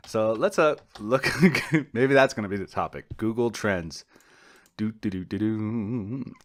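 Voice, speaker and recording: A young man hosts a podcast on his own, his voice sitting a touch low. He talks slowly and loosely, wandering between thoughts, breaking off mid-sentence and tossing in casual jokes. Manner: meandering, self-interrupting, jokey asides. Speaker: podcast co-host. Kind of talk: solo rambling podcast monologue.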